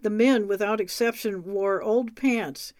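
A woman reading a memoir aloud in a measured, wry way. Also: medium pitch, darkish tone, no room sound, studio quality. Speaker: reader.

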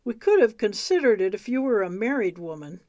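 A woman reading aloud as a courteous, apologetic elderly gentleman who chairs a board. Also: medium pitch, very animated, brisk, no echo, clean studio sound, lightly acted.

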